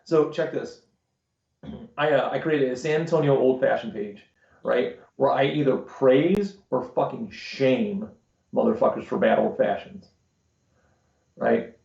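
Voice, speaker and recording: A man's voice: medium pitch, a little slow, vocal fry, darkish tone. A man co-hosting a podcast, swearing freely as he tells stories in casual chat. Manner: crude, swearing storyteller. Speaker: podcast co-host. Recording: dull, roomy live-stream audio.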